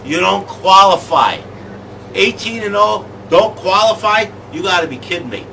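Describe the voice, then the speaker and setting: Excitable ranting man, off-mic. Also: high-pitched, normal speed. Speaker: sports show host. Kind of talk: comic sports chat. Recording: distant mic with clear background noise.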